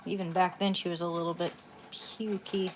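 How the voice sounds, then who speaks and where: A woman's voice: lowish voice, level tone, normal speed, a little hiss or hum. A young woman live streaming from her bedroom at home, chatting casually into her phone in rambling asides.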